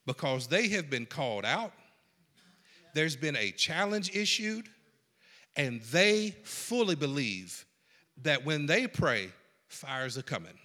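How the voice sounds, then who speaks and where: A man preaching a sermon in a folksy, animated way, swinging from hushed lines to shouts. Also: fairly high pitch, takes it slowly, pauses often, long reverb tail. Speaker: pastor.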